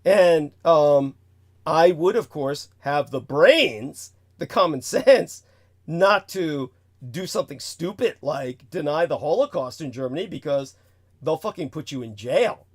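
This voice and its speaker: A man's voice: a little high, animated, unhurried, slightly rough. A man hosting a talk show, delivering a rambling, emphatic lecture full of asides. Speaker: host.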